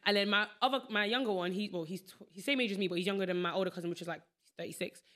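A young woman hosting a podcast, chatting casually and animatedly, acting out quotes in a higher voice. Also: very fast, a bit bright. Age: young adult. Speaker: podcast host. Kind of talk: casual chat.

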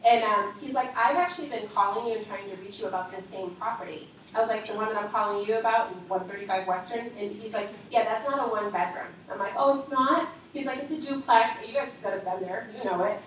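A woman leader giving a lively spoken testimony to a congregation, acting out the conversations she recounts. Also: medium pitch, quick pace, few pauses, a little hiss or hum. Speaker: ministry leader. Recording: echoey hall from far off.

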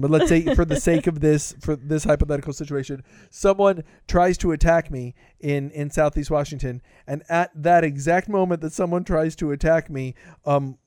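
A man's voice: fairly high pitch, moderate pace, few pauses, darkish tone, no echo, clean studio sound. A man co-hosting a podcast, rambling through a jokey movie review and stammering over repeated words. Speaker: podcast co-host. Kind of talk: casual movie review chat.

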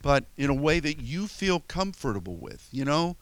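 A man's voice: a little high, sing-song, moderate pace, no room sound. A man preaching a sermon as pastor, talking conversationally with frequent restarts and telling light stories. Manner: tells stories with chuckles and playful quoted voices.

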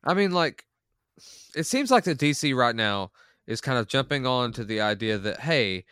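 A man's voice: medium pitch, sing-song, moderate pace, fairly bright tone, smooth, dry recording, studio quality. A man co-hosting a podcast, chatting enthusiastically and rambling with restarts. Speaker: podcast co-host. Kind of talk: casual podcast chat.

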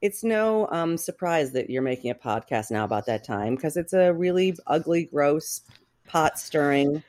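A woman with a notably low voice chats casually as a guest on a podcast. She rambles, restarts her thoughts, and drops in wry asides. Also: expressive, normal speed, a little mellow. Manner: rambling, self-interrupting, wry. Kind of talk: casual interview chat.

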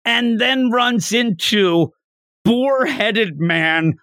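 A man's voice: very high-pitched, lively intonation, very slow, fairly bright tone, no room sound, clean studio sound. A man hosting a podcast, chatting casually as he recaps a manga chapter and laughs while acting out the characters' lines. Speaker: podcast host.

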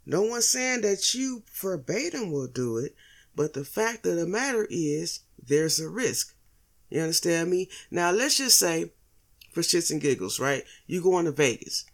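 Profane, rambling man with higher pitch. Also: big pitch swings, measured pace. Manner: rambling, heavy profanity, rhetorical questions. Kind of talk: profane monologue commentary.

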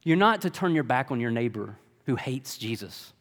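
A pastor preaches a sermon in an echoing hall, speaking conversationally and using rhetorical questions. His medium-pitched voice is expressive and fairly bright, at a moderate pace, with the long reverb of a large hall on the recording.

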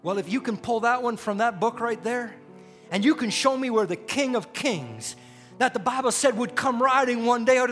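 A male preacher delivering a sermon, shouting in a rising, fervent preaching cadence. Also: very high voice. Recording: hall reverb with faint music.

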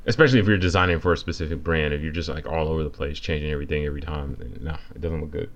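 A man's voice: a bass voice, very fast, muffled recording. A man talking casually as a podcast co-host, rambling a little with fillers as he tells stories about design work.

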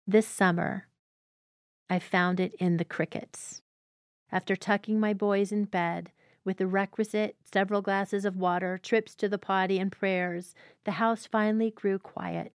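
A woman with a mid-range voice gives a devotional teaching, earnest and reflective, and reads passages aloud at an unhurried pace. Her voice sounds close and dry, with no room around it. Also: mid-range voice, dry recording. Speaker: host of a devotional teaching show.

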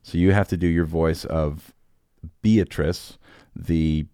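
Man, podcast host, deep voice, dry close sound, rambling, jokey, casual chat. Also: fairly even intonation, takes it slowly, warm tone, smooth, dry recording. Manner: rambling, jokey, laughs often.

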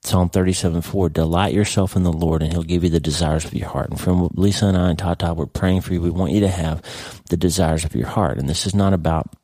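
A man's voice: low voice, fairly even intonation, quick pace, mellow, no room sound, studio quality. A middle-aged man from the United States hosting a podcast, speaking in a rambling, earnest way with frequent restarts. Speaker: podcast host. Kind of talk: casual devotional talk.

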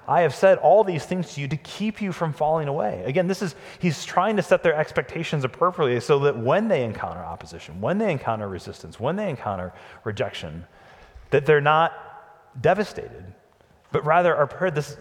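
A pastor delivering an earnest, emphatic Sunday sermon, his voice rising and dropping for emphasis. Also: mid-range voice. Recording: long hall reverb.

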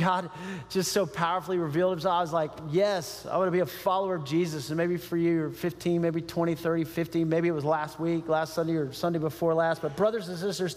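A male pastor preaching a sermon in an animated way, laughing often and acting out quoted voices. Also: fairly high pitch. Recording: long hall reverb.

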